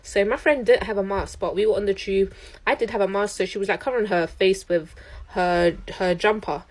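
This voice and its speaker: A young woman, telling a storytime to camera in an animated, indignant way. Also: medium pitch, a little fast. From London, UK. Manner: animated, indignant, quotes people in voices.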